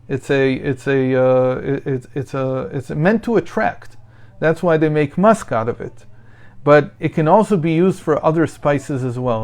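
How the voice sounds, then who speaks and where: A middle-aged man teaching a daily Torah study lesson, thoughtful and hesitant, with many fillers and slow readings of sources. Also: on the high side, a little mellow.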